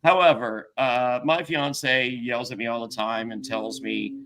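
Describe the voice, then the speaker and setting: Excitable middle-aged man, bright voice. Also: mid-range voice, unhurried, hardly any pauses, rough recording. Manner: rambling, profane, excitable, many restarts. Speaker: podcast host. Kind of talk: casual storytelling chat.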